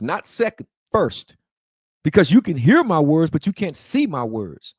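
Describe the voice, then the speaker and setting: A man's voice: fairly high pitch, a little mellow, no room sound, clean studio sound. A man hosting a talk show, giving a monologue in a preachy style, with rhetorical questions and emphatic repeats. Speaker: show host. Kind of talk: casual commentary monologue.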